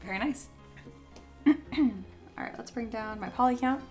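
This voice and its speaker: A young woman hosting a casual sculpting livestream, chatty and answering viewers, her voice a little rough as she recovers from being ill. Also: a little high, measured pace, darkish tone, faint music behind. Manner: chatty, reads chat aloud and answers. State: voice still recovering from illness.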